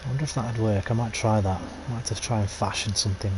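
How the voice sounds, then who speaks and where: A man's voice: fairly low pitch, fairly even intonation, fast talker, noisy background. Chatty male streamer on a headset. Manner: chatty, self-deprecating, laughs often. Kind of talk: casual gameplay commentary, reading letters aloud.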